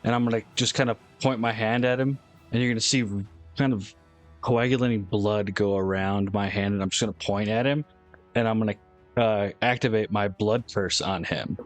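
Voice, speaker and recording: A man's voice: on the low side, level tone, moderate pace, faint music behind. A man taking his turn as a player in a tabletop game, hesitantly describing his character's actions in first person.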